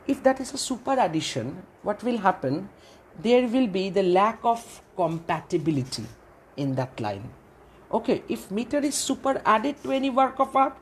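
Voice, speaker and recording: A woman lectures on literature at an unhurried pace. Her voice has a slightly husky, breathy edge. She asks her own questions, answers them, and repeats key phrases. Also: mid-range voice. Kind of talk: classroom lecture.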